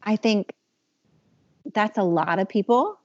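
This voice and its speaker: A woman's voice: medium pitch, slow pace, warm tone, dry recording. Two sentences: A woman hosts a podcast interview, with thoughtful, meandering questions full of fillers. She sits close to the mic in a dry room, and the recording sounds somewhat dull. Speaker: podcast host. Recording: dull, slightly muffled podcast audio.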